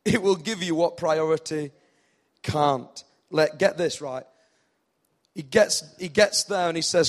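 A man with a northern English accent preaching a sermon, animated, acting out the people in the story with rising intensity. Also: fairly high pitch, unhurried. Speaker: pastor.

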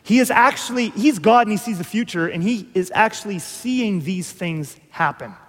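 A man preaching a conversational sermon, moving between hushed and emphatic delivery. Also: high-pitched, lively intonation, moderate pace. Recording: long hall reverb.

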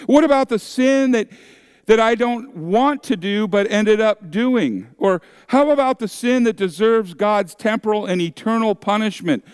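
A man's voice: high voice, unhurried, smooth, no room sound, clean studio sound. A male pastor preaching a sermon, acting out the voices of objectors and accusers with dramatic shifts.

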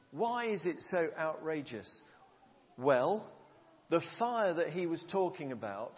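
A man's voice: fairly high pitch, a little hiss or hum. Man, sermon, earnest and chatty, dull lo-fi sound, faint ambience. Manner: earnest, conversational, asks the audience questions. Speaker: preacher. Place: church room with a congregation. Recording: long hall reverb, dull lo-fi sound.

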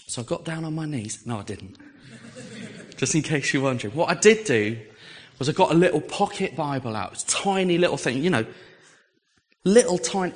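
An English man preaching, telling a personal story with lively, animated delivery and acting out the voices he quotes. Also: a little high, brisk. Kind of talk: storytelling sermon.

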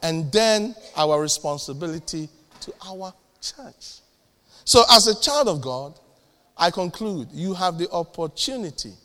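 A middle-aged man preaching a sermon in a church hall, animated and jokey, with sudden loud bursts and acted-out dialogues. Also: high-pitched. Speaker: pastor. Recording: echoey church hall with long reverb.

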